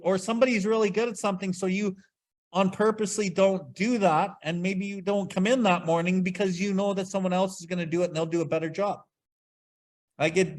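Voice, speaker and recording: A man leading a casual recovery study talk, blunt and swearing freely as he acts out his own past outbursts. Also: sits high. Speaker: podcast host leading Big Book study.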